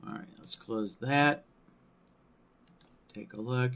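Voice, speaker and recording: A man walks viewers through trading software at an unhurried pace, thinking aloud as he goes. His voice sits at a middle pitch, and he keeps checking in with a habitual "right?". His explanations are padded with "you know" and "um". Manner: thinking aloud, frequent tag question "right?"; many fillers like "you know" and "um". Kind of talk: screen-recorded software tutorial.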